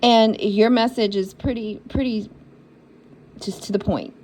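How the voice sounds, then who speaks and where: A woman's voice: fairly high pitch, fairly even intonation, unhurried, a little mellow, rough recording. A woman giving a spiritual reading for zodiac signs, talking in an encouraging, repetitive and emotional way. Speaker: intuitive reader.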